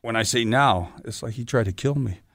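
Man, gravelly voice, fairly low, dry close sound, rambling casual stories, stunt performer. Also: fairly quick, dry recording. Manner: rambling anecdotes full of "you know". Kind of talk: casual storytelling in an interview.

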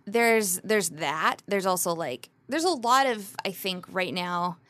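A woman's voice: medium pitch, animated, measured pace, a bit bright. A woman in casual chat, friendly and a little hesitant, searching for her words.

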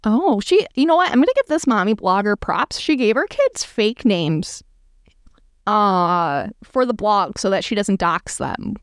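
Sarcastic woman reacting, crisp dry voice. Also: mid-range voice, sing-song, a little slow, no echo. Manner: sarcastic, amused, reads aloud and riffs. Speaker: commentator reacting to a blog. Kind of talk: casual reaction commentary.

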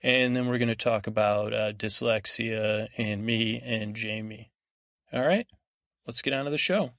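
A man hosting a sleep podcast, rambling through a TV episode recap in a halting, meandering way full of restarts. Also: on the low side, a bit bright, dry recording, clean studio sound. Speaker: podcast host.

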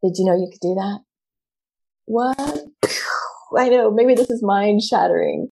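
A middle-aged woman giving a candid, animated motivational talk, acting out her own reactions as she coaches women. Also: medium pitch, unhurried, vocal fry, breathy edge. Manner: candid and expressive, acts out quoted reactions.

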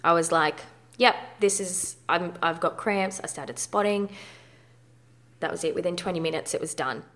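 Her voice sits on the low side and is a bit bright, moving at a moderate pace. She is a guest in her thirties in a candid personal interview, speaking frankly and casually with mild swearing.

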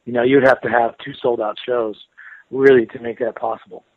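A man's voice: medium pitch, fairly quick, no room sound. Man on a tinny phone line. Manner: relaxed, rambling, with restarts and soft laughs. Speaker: guitarist of a metal band, interview guest. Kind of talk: casual interview.

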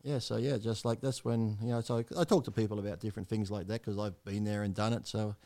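A man's voice: on the low side, steady tone, fast talker, mellow. A man, a podcast guest telling his story in a blunt, rambling way with heavy swearing.

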